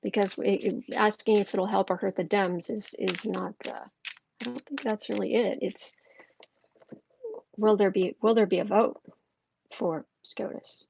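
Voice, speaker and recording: A woman's voice: mid-range voice, fairly even intonation, unhurried, gravelly, darkish tone, muffled recording, slight background noise. A woman doing a live tarot reading, chatty and thinking aloud, with many restarts. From United States. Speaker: tarot reader.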